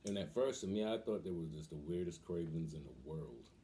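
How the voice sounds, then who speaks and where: A young man hosting a vlog, telling a casual story in an animated way and acting out the voices of the people in it. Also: deep voice, fairly quick, slight background noise. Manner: animated, acts out quoted voices. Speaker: vlog host.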